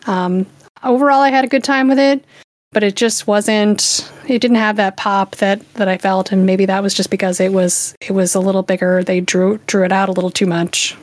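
A woman's voice: medium pitch, fairly even intonation, normal speed, no echo. A woman casually reviewing a game on a podcast, easygoing and hesitant, with frequent um and uh.

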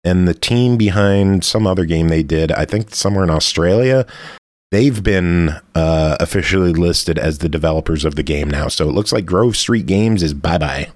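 A man's voice: sits low, normal speed, dry recording, studio quality. A man co-hosting a podcast who reads out game news items and teases his co-host in casual banter. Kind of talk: casual chat.

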